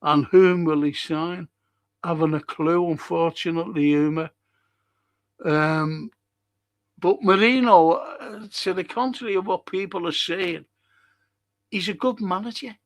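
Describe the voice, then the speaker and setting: A man's voice: high voice, measured pace, pauses often, no room sound. A man hosting a football fan live stream, rambling casually and swearing now and then as he reads out and answers viewer comments. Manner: rambling and chatty, wanders off topic.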